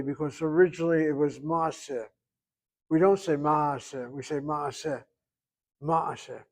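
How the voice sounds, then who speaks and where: A man with a somewhat high-pitched voice leads a Hebrew grammar lesson in a classroom. He explains slowly and deliberately, lingering over pronunciations with a dry, self-assured tone. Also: darkish tone. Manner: slow, explaining, drawn-out pronunciations. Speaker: Hebrew teacher.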